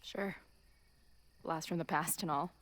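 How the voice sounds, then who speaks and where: A woman's voice: deep voice, steady tone, unhurried, fairly bright tone, no echo. An actress voicing a blunt, offhand young woman in a video game who sounds worn out. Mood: weary. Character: tired, blunt young woman, a returned best friend.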